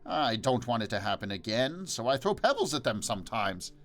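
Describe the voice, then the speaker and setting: A man's voice: mid-range voice, very animated, a little fast, fairly bright tone, soft background music. A man doing a cranky ancient hermit. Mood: teasing. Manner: mocking, sing-song, cranky. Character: cantankerous ancient hermit, old man, wry.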